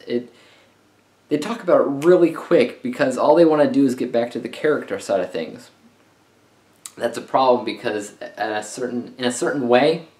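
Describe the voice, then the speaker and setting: A man's voice: medium pitch, darkish tone. Chatty male book reviewer, roomy sound. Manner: chatty and conversational, with frequent "uh" fillers. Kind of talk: casual video book review. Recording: roomy echo.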